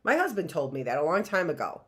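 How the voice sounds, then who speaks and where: A woman's voice: on the low side, big pitch swings, fast, fairly bright tone. A middle-aged woman teacher giving a chatty, playful online lesson, often exclaiming. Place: home classroom setup.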